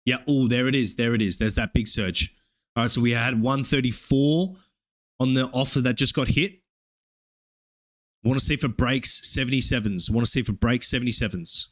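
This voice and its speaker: A young man from Australia with an Australian accent, streaming live trading commentary in a profane, hyped play-by-play with excited oohs. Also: mid-range voice, normal speed. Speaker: live-streaming futures trader.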